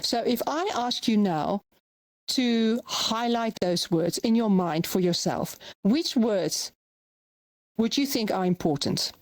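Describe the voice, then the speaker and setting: A woman's voice: medium pitch, expressive, slow pace, a little mellow, no echo. Woman voice-over coach, dry close sound. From South Africa. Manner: conversational, explains with frequent "right?" and "okay?" check-ins. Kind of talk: workshop teaching. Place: virtual reality platform session.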